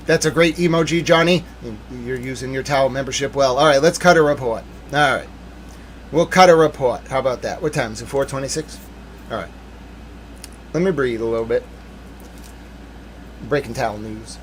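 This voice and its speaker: A man hosting a live stream, ranting with mock outrage and then settling into calmer musing. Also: mid-range voice, normal speed, pauses often, slight background noise. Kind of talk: live-stream commentary rant.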